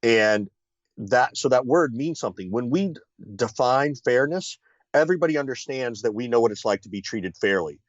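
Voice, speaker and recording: Man, mid-pitched voice, confident sales teacher, lots of "right?", slightly dull lo-fi sound, dry. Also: expressive, normal speed, dry recording. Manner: confident, teacherly, with many fillers and rhetorical "right?". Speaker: sales consultant, guest. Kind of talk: interview, explaining ideas.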